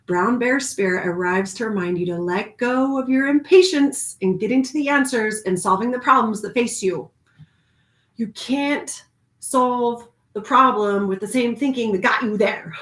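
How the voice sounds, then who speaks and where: A woman giving a casual spiritual oracle card reading, animated and laughing often, moving from hushed calm to excited outbursts. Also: mid-range voice, roomy sound.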